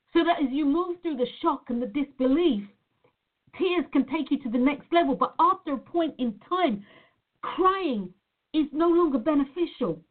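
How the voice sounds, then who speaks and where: A woman talking earnestly in a motivational style as a life coach, repeating words for emphasis. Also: high-pitched. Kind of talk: motivational talk to camera. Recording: tinny phone-like sound.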